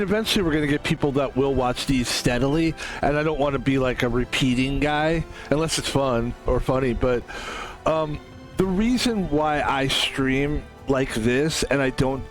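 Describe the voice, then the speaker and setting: A man streaming a game who talks casually to his audience. He rambles, swears often and drifts into jokey asides. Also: medium pitch. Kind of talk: casual solo stream monologue.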